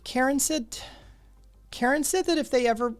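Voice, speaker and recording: A man voicing an anxious young male street kid who stammers and pleads in a high voice. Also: moderate pace, faint music behind. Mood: urgent.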